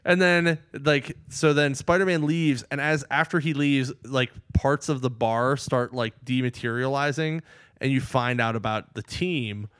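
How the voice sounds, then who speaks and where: A man chatting casually, recapping a movie in an excited, rambling way and acting out the characters' lines. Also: medium pitch, unhurried, smooth, no echo, studio quality. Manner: excited, rambling, acts out quotes.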